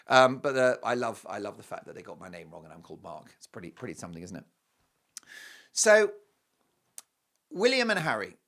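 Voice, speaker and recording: Lively man hosting a talk show. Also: medium pitch. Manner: animated, self-mocking, jumps between loud and hushed. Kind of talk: comic monologue.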